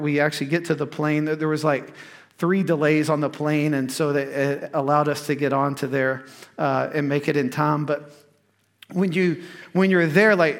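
A man's voice: on the high side, fairly bright tone. A man, preaching a sermon in a folksy storytelling way that rises into emphatic preaching. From United States. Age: 30s. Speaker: pastor.

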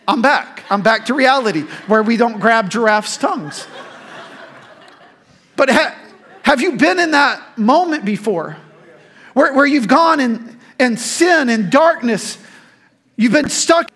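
A man preaching a sermon as pastor, emphatic and animated, breaking into laughing asides. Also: very high-pitched, takes it slowly, long pauses.

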